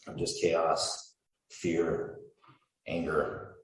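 A man's voice: low-pitched, steady tone, moderate pace, darkish tone. A man preaching a sermon, reading scripture with earnest, rising emphasis and addressing the congregation directly. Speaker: pastor. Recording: echoey hall, speaker far from mic.

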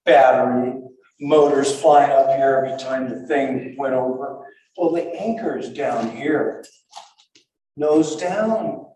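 An older man tells his story in halting bursts, stumbling over restarts and repeating words as he pushes on. His voice sits at an ordinary middle pitch. It is caught from some distance in a heavily echoing space. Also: dark tone, slight background noise. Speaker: survivor telling his story. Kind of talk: spoken first-person recollection. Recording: very echoey and far from the mic.

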